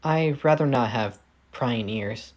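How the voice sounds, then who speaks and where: A man's voice: medium pitch, slow pace, lightly acted. A man voicing a hurt, timid teenage girl who speaks hesitantly and apologetically, with stumbling restarts.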